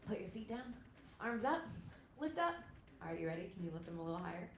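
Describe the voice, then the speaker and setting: A woman's voice: medium pitch, big pitch swings, fast talker. A woman yoga instructor in her thirties, guiding a parent-and-child stretch class with upbeat, encouraging cues. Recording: echoey room with faint noise.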